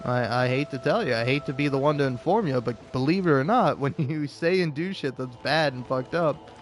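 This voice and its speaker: A gaming video creator with a mid-range, fairly quick voice and faint music behind him. His commentary is casual, sarcastic, and profane, rambling with frequent restarts, and he laughs often between points.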